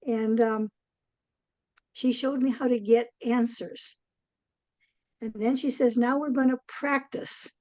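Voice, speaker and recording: Older lady rambling through a story, lots of ums, kinda high voice, dry sound. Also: steady tone, darkish tone, no room sound, low-quality recording. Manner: rambling storyteller with many "um"s and long pauses. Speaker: interview guest. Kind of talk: casual interview chat.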